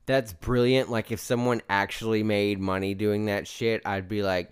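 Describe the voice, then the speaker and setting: A man with a fairly low, smooth voice riffs through a casual movie review, loose and enthusiastic and quick to swear. He sounds relaxed and animated, like a podcast co-host talking with a friend.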